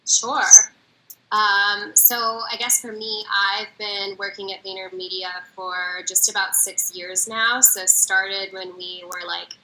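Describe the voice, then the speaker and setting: Woman from minnesota, super bright crisp tone, casual and chatty, lots of likes and ums, faint noise in back. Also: lowish voice, low-quality recording. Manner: casual, frequent "like" and "um" fillers, short answers. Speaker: interview guest, agency executive. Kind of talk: casual interview answers.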